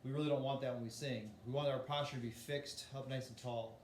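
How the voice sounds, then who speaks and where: A man's voice: medium pitch, steady tone, fairly quick, a little mellow, reverberant, slight background noise. A man teaching a voice lesson in a casual, explanatory way, demonstrating breathing and singing exercises. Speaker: music teacher.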